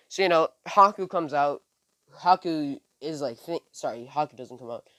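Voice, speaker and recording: A man's voice: on the high side, expressive, normal speed, a bit bright, no echo. A man casually retelling a fan story, rambling with many fillers and self-corrections, recorded on a phone. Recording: dry close phone recording.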